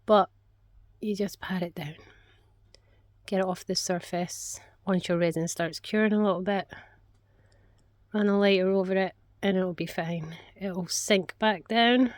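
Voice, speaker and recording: A woman's voice: mid-range voice, steady tone, unhurried, pauses often. Chatty woman vlogging her craft studio. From Scotland. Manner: rambling, chatty, talks to her pets. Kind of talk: casual chatty vlog.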